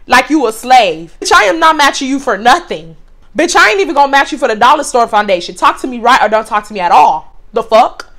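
Young woman vlogger, high-pitched, brash and profane, casual storytime delivery. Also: a little fast. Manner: profane, animated and sassy; styling her hair while talking. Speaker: vlogger, former makeup store worker.

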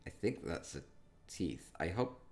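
A man with a somewhat low voice talks his way through a live game stream. He rambles in a playful, offhand way, thinking out loud and chatting as he goes. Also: sing-song, unhurried. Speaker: streamer touring player homes in a game. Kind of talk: casual live-stream commentary.

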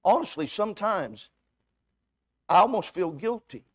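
A man with a high-pitched voice preaches as a visiting evangelist in a church. He tells folksy personal stories and acts out the conversations, often repeating himself as he goes. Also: lively intonation, unhurried, no room sound. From United States. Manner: folksy storytelling, acts out dialogue, repeats words. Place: church sanctuary.

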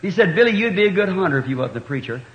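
Folksy preacher, high voice, church sermon on muffled tape. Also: male voice, animated, very fast. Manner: folksy storytelling sermon, acts out dialogue. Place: church hall. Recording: dull echoey old church tape.

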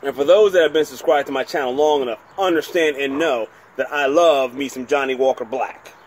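A chatty man from New Jersey reviews a bottle on his own channel, rambling and poking fun at himself as he goes. His voice sits at an ordinary middle pitch. A faint hum of noise runs under the recording. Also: fairly quick. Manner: chatty, rambling, self-deprecating. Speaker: whisky reviewer, channel host. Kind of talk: casual home video review.

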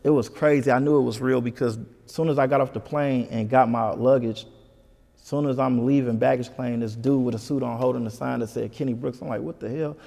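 A man from Michigan, a comedian guest, telling a story in an animated, casual way in an interview. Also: medium pitch, fairly quick, vocal fry, big-room sound. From Detroit, Michigan. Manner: animated, keeps saying "you know what I'm saying".

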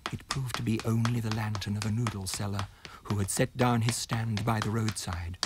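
A man narrating a ghost story as a storybook reading, slow and expressive. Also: on the low side, heavy background noise.

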